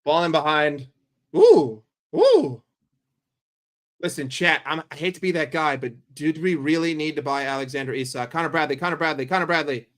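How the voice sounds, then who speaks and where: A man streaming a football watchalong, calling the play for his chat in a blunt, profane, excitable way. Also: fairly high pitch, quick pace, hardly any pauses. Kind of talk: live play-by-play commentary for a chat.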